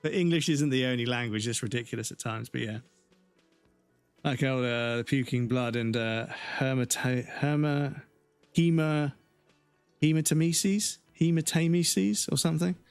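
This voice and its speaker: A man's voice: mid-range voice, fairly even intonation, normal speed, clean tone, no echo, faint music behind. Rambling, swearing male game streamer. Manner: rambling, swears freely, jokes and chuckles. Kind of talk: casual chat while streaming a game.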